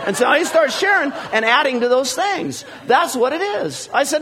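A middle-aged man, a pastor, giving a sermon in a conversational storytelling style, with many fillers and animated dialogue. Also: very high-pitched, a little fast, few pauses, husky.

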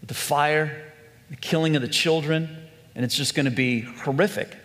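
A man's voice: a little high, steady tone, moderate pace, a bit bright, in a large hall. A male pastor preaching an earnest, conversational sermon, full of questions put to his congregation.

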